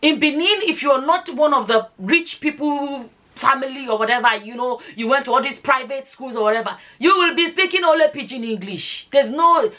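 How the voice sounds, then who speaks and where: A woman's voice: high-pitched, normal speed, hardly any pauses, bright, forceful tone. A Nigerian woman in her forties with a Nigerian accent, chatting casually to camera in a rambling, self-correcting way that slips into pidgin. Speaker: vlogger.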